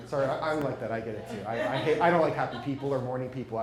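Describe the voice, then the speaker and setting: Man, lively presenter, slightly high voice, echoey room, faint hum. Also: brisk, crowd noise. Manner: chatty, jokey, asks the room questions. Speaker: speaker at a marketing meetup. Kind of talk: live presentation to an audience. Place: meeting room with audience.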